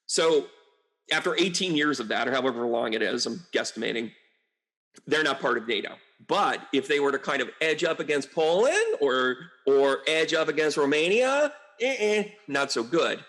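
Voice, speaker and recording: Here a psychic medium offers an offhand political monologue at normal speed in a medium-pitched voice. He wanders and gets animated, dropping frequent asides, mocking quotes and exasperated eruptions.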